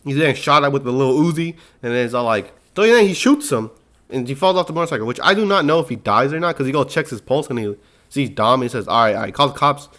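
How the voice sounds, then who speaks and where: A young man talks through a film's plot in loose, slangy speech. He keeps an animated storyteller's energy and jumps into quick impressions of the characters. His voice sits at an ordinary middle pitch. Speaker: movie recap host. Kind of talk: casual movie recap.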